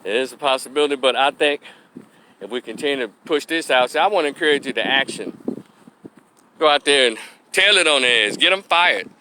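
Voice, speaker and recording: Blunt, bright-toned man. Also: medium pitch, lively intonation, a little fast, a little hiss or hum. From Memphis, Tennessee, US. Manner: blunt, preachy, salty language, folksy. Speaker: opinion vlogger, social worker. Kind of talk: opinionated commentary monologue.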